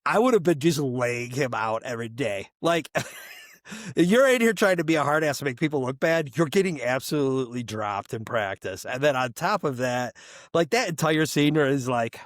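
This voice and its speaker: A young man co-hosting a casual sports podcast, wandering through his stories with plenty of fillers and the odd curse. His voice sits in an ordinary middle pitch. The sound is close and dry, with no room around it. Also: expressive, moderate pace, dry recording. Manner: rambling, loose storytelling with fillers and profanity. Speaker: podcast co-host. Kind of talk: casual chat.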